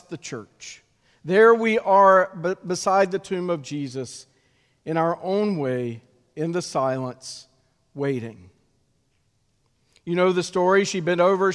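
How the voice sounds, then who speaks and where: A male pastor delivering an Easter sermon in a slow, measured way with dramatic pauses, in a church sanctuary. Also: high-pitched. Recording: long reverb of a church sanctuary.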